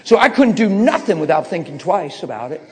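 A middle-aged male preacher telling his testimony in a slightly high voice, dropping to a near-mutter and then rising to impassioned shouts. His words ring out with a long hall reverb, as if in a church hall. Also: sing-song, fairly quick. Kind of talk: sermon testimony storytelling.

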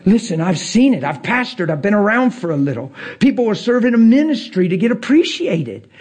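A man preaching a sermon to a church crowd. He moves from hushed whispers to excited, nearly shouted lines and acts out people's voices in his stories. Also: brisk. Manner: swings between hushed whispers and high excited near-shouting.

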